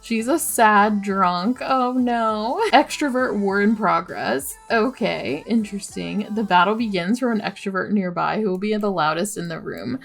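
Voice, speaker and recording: A young woman talks through her gameplay in a chatty, easygoing way, her pitch sitting mid-range. She giggles and groans along with the story. Soft game music plays faintly behind her. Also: measured pace, vocal fry, few pauses. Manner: chatty, giggly, narrates drama with dismay. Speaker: let's play host. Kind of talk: casual gameplay commentary.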